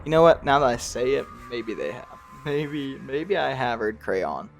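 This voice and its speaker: Faint music plays behind a young man whose mid-range, creaky voice is very animated yet a little slow. A gaming YouTuber, he laughs a lot as he gives rambling, self-mocking gameplay commentary, trying to cover a slight regional accent.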